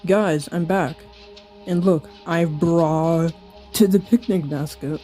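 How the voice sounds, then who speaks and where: A young reader voicing Daniel, a quiet and secretive teen newcomer in a homemade story, with a calm manner. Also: mid-range voice, takes it slowly, soft background music, natural voice.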